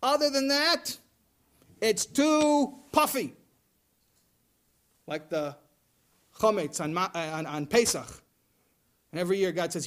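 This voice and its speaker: A man delivering a sermon as a religious teacher, talking in an animated way and often laughing as he speaks. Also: high-pitched, slow, pauses often.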